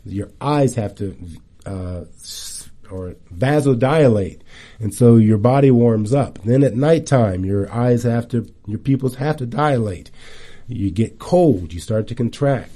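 A middle-aged man giving a casual wellness talk, chatty and animated, telling stories with lively asides. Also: mid-range voice, unhurried.

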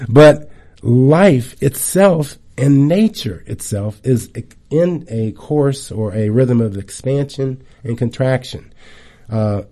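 A middle-aged man with a deep, dark, mellow voice speaks casually about wellness. He tells stories in a chatty, animated way, full of lively asides, at an ordinary mid pitch. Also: slow. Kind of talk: casual talk to an audience.

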